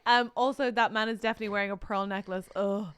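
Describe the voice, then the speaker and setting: A woman hosting a podcast, chatty and quick to tease in casual conversation. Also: medium pitch, steady tone, fairly bright tone, clean tone. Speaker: podcast host.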